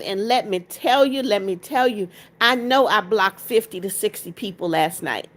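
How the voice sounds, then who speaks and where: A woman's voice: fairly high pitch, normal speed, hardly any pauses, fairly bright tone. A woman hosting a casual livestream, greeting viewers by name, reading their comments aloud and coaxing them to tap likes. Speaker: livestream host.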